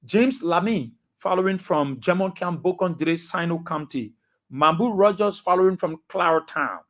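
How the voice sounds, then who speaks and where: Liberian radio host reading listener names. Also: male voice, sits high, a bit bright. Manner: brisk roll-call delivery, blessing listeners. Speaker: radio talk show host.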